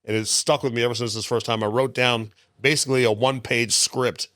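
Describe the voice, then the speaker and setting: A man in a mid-range voice, a stand-up comedian, swaps profane, animated stories as a podcast guest. His voice sits dry and close with no room around it. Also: medium pitch, brisk, dry recording. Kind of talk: casual storytelling.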